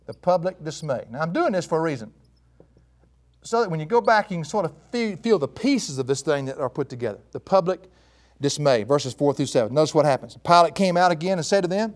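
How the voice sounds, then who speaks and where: A man's voice: high voice, very animated, brisk. A man preaching a sermon, walking through a passage, asking his listeners questions and calling them folks. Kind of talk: expository sermon.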